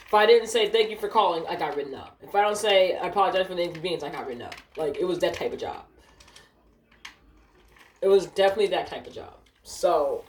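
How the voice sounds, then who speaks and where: A young woman telling a casual storytime rant, animated and profane, acting out the people she quotes in a higher voice. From Ohio, United States. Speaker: vlogger. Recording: echoey room.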